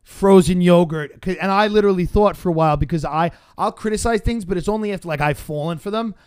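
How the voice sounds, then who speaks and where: A man's voice: sits high, quick pace, darkish tone, clean tone, no echo, studio quality. A man co-hosting a casual comedy chat, rambling and self-mocking. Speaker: co-host.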